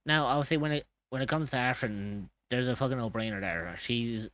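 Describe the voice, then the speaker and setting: A man's voice: mid-range voice, a little fast, fairly bright tone. A man streaming while drawing, chatting casually, swearing freely and laughing often.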